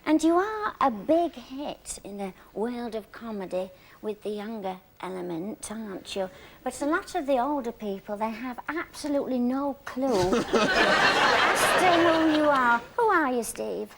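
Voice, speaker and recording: A woman's voice: a little high, expressive, a little slow. A woman playing an elderly Northern chat-show host with a Northwest England accent, delivering innocent-sounding put-downs to her guests. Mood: teasing. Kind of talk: comic chat-show interview. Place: TV studio with live audience. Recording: noisy old tape with studio audience laughter.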